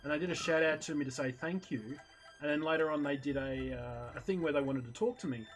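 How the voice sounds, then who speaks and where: A man's voice: on the high side, fast, a little hiss or hum, poor audio. A man with an Australian accent hosting a live stream, chatting casually and explaining things at length. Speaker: streamer host.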